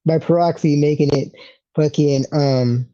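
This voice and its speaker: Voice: medium pitch, fairly even intonation, measured pace, warm tone. Stammering podcast co-host, muffled audio. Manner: stammering, laughing, loose. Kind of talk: casual wrestling chat. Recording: dull, muffled mic.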